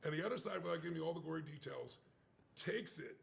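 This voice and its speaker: An older man telling a story in an emphatic, animated way. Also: fairly high pitch, quick pace, creaky. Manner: emphatic, acts out quoted voices.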